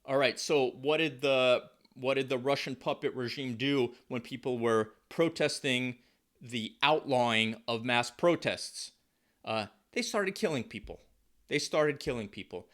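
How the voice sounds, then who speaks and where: A man's voice: mid-range voice, a bit bright. An American man giving casual spoken commentary to camera, talking loosely with emphatic repeats. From United States. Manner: conversational, frequent fillers and restarts, emphatic repetition. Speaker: political commentary vlogger.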